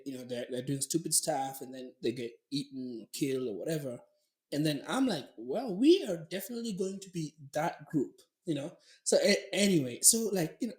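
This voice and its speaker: Guy on a podcast telling a wild story, voice jumps all over, echoey room. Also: high-pitched. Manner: animated, lots of filler words and laughing. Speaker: podcast host. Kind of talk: casual storytelling. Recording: roomy echo.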